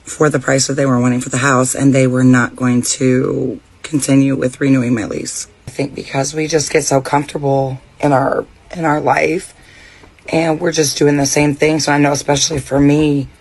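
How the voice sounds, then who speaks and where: Flat, matter-of-fact man. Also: medium pitch, normal speed, creaky. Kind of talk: personal account.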